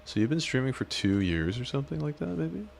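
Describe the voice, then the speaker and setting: A man's voice: medium pitch, sing-song, a little fast, vocal fry, slight background noise. A man streaming, chatting casually as he reacts to clips, with a teasing, crude, mock-menacing manner.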